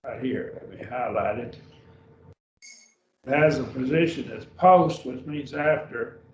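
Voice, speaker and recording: A man with a mid-range voice and a measured pace gives a beginner Greek lesson at a church, with a little hiss or hum in the audio. Patient throughout, he often checks whether everyone follows. The recording is distant, dull and roomy.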